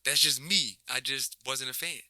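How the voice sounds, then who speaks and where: New coach guy just chatting, bright edgy tone, keeps restarting, dry mic. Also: mid-range voice, normal speed, dry recording. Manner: relaxed, rambling, many restarts and slang. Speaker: basketball coach, guest. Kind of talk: casual interview chat.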